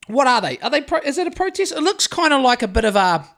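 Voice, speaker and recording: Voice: high-pitched, sing-song, quick pace, gravelly, fairly bright tone. A podcast co-host with a New Zealand accent, chatting in a rambling, joking way full of fillers and restarts. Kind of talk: casual banter.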